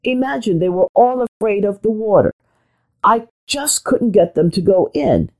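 A know-it-all old lady duck from a storybook, blunt and full of advice, as a woman reading aloud puts her on. Her voice moves in lively swoops, with a mellow, soft tone. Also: mid-range voice, moderate pace. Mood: bossy.

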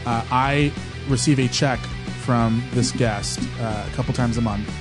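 A man's voice: medium pitch, unhurried, music in the background. A man co-hosting a casual podcast, joking around, laughing often and fumbling his words. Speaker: podcast co-host.

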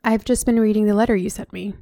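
A kindly old wizard headmaster, read by a woman from a storybook, gentle and sympathetic. The recording is dry and close, with no echo. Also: medium pitch, steady tone, quick pace, vocal fry, lightly acted.

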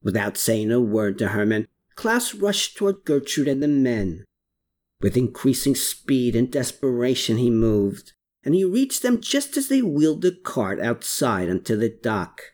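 An audiobook narrator reading a story chapter with plenty of movement in pitch. The delivery is expressive and steady, at a middling pitch. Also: measured pace. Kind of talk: scripted narration.

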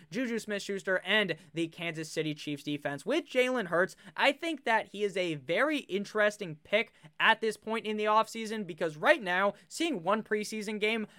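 A young man talks through a fantasy draft in a high, bright voice that stays smooth and crisp. He is animated and swears freely, wandering into asides. The sound is dry and close. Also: dry recording. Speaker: fantasy football YouTuber. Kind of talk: casual draft commentary to camera.

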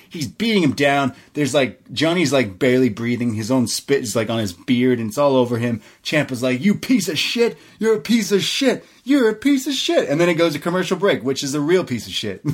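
A young man tells the story with eager energy, cursing casually and breaking into laughter. His voice sits at an ordinary middle pitch, and he talks like a fan chatting with a friend on a podcast. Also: fairly quick, hardly any pauses, slightly rough. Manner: animated storyteller, swears freely, laughs often. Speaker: podcast co-host. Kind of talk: casual excited recap.

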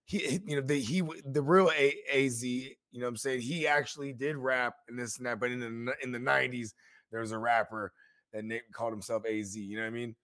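A man's voice: mid-range voice, steady tone, quick pace, fairly bright tone. A man co-hosting a podcast, rambling in casual chat and often asking if he is understood. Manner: loose, rambling, keeps asking "you know what I mean". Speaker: podcast co-host.

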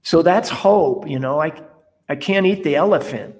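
A man's voice: a little high, moderate pace. A man, a priest, animatedly telling stories in an interview and acting out the dialogue. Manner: animated storyteller, acts out dialogue. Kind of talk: interview conversation.

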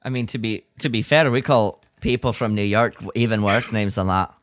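A man's voice: fairly low pitch, a little fast, no room sound. A man co-hosting a podcast in casual chat, hesitant and full of fillers. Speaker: podcast co-host.

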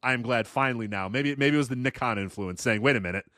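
A man's voice: mid-range voice, quick pace, pushed and bright, no room sound. A man co-hosting a wrestling podcast, sardonic and rambling with frequent laughs on a close mic. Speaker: podcast co-host. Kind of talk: casual chat.

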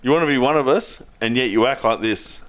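A young man co-hosting a laid-back podcast, at an everyday mid pitch. He teases his co-host, drops swear words freely and keeps the banter loose and jokey. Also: fairly quick. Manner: loose, profane, jokey, teasing.

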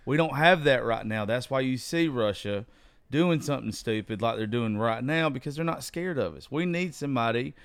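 A man's voice: medium pitch, animated, normal speed, smooth, no room sound. A man hosting a casual political talk show, rambling loosely with hesitations, then speaking with more fire.

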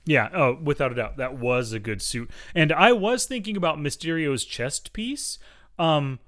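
An easygoing man with a slightly higher-than-usual voice co-hosts a casual podcast. He tells stories at a steady pace and leans on fillers along the way. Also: normal speed. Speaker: podcast co-host. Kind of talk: casual chat.

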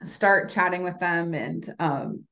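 A woman in her thirties, a podcast guest telling a story in a casual, animated way, full of fillers, who acts out the voices she quotes. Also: on the low side, slow pace, vocal fry. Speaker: podcast guest, lingerie brand founder.

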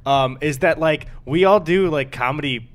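A man's voice: a little high, moderate pace. A young man co-hosting a casual podcast, rambling, swearing freely and laughing often. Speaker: podcast co-host.

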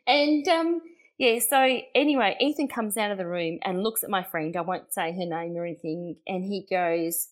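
A woman's voice: mid-range voice, moderate pace. A middle-aged woman with an Australian accent, telling personal stories as a guest in a casual chat, laughing often and acting out what people said. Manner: chatty, laughing, acts out quotes. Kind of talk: casual anecdotal storytelling.

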